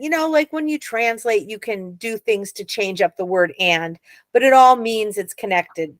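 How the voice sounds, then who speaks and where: A woman's voice: mid-range voice, dry recording. A woman teaching an adult Hebrew reading class, patient and encouraging, explaining step by step.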